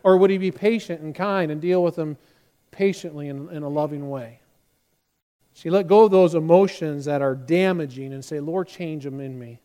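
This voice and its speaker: A man preaching a sermon as pastor, his voice sitting high for a man. He delivers it with animation and slips into the voices of the people he quotes. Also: normal speed, dark tone.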